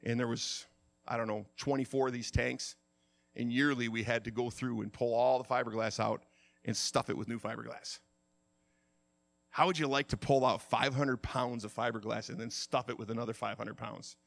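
A middle-aged man preaching a sermon, telling stories in an animated way and acting out the shouts himself. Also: medium pitch, moderate pace, vocal fry. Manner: animated storytelling, acts out shouts. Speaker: pastor.

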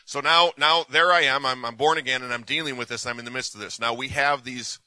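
Male preacher, storytelling sermon, very bright voice, dry and close. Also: medium pitch, steady tone, brisk, no room sound, rough recording. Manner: conversational, repeats words, acts out dialogue.

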